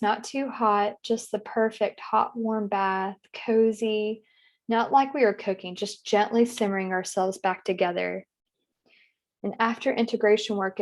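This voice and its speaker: Woman client in trance, speaking slowly and dreamily, halting and emotional, medium pitch. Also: a little mellow. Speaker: session client. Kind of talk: narrating a guided trance session.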